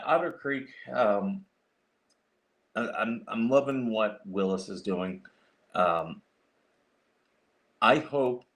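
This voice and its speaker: A man hosting a casual livestream, rambling with many fillers and restarts as he clicks through his computer and talks to viewers. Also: lowish voice. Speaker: livestream host.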